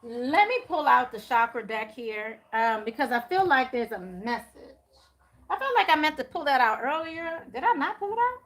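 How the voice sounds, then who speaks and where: Bright high-voiced woman reading tarot live. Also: sing-song. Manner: chatty, talks to viewers and spirits; frequent fillers, quick apologies. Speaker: tarot reader.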